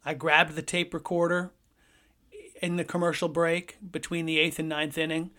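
A man hosting a podcast, telling a personal story in a lively, conversational way. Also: a little high, normal speed. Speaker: podcast host.

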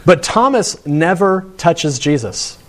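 A man with a fairly high voice and big pitch swings takes his sermon slowly. He preaches conversationally through stories, often restarting and pressing his points with rising emphasis.

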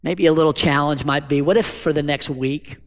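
A man's voice: on the high side, fairly even intonation, brisk, creaky. A man preaching a sermon as pastor, talking conversationally and asking the congregation rhetorical questions. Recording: long hall reverb.

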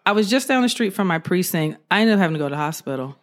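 A woman's voice: on the low side, racing. A woman, a former police officer telling stories in a casual interview and acting out the quotes. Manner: animated storyteller, acts out quotes.

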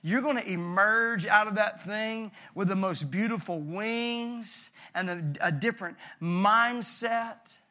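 Bright-voiced, animated male pastor. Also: high voice, slow, few pauses. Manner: conversational, animated, jokey asides. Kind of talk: sermon.

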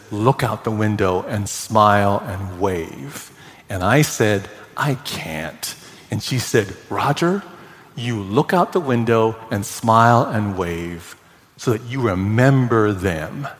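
A man preaching a sermon as pastor, telling a story slowly with heartfelt quoted dialogue. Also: medium pitch. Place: church sanctuary. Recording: long reverb of a church sanctuary.

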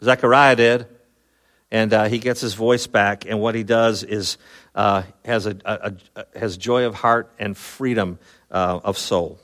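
A man preaching a sermon, retelling a Bible story in a lively, casual way with many fillers and quick voiced asides. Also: lowish voice. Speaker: pastor.

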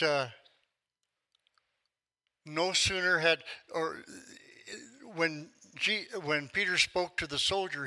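Older male pastor, 70s, storytelling sermon voice, slightly high and very bright. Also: rough recording. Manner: storytelling, acts out quotes with rising force.

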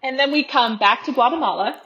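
Woman in her 30s, podcast guest, candid animated storyteller, slightly dull lo-fi sound. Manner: animated, acts out her own inner dialogue with quick pitch jumps.

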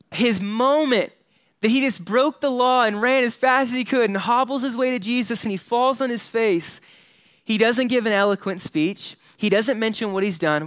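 A man preaching a sermon, lively and conversational, dropping quiet and slow for dramatic moments. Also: high-pitched, no room sound. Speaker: pastor.

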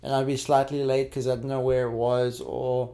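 Mellow-voiced young man, rambling. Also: mid-range voice, level tone, moderate pace. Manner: rambling, heavy use of "like". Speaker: podcast co-host. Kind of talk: casual chat.

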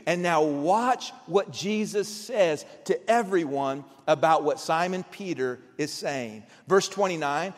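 Animated preacher in a big reverberant hall. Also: male voice, sits high, a little slow, few pauses. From Kansas. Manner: animated preacher, acts out dialogue, swings from loud to hushed. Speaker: pastor. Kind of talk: sermon.

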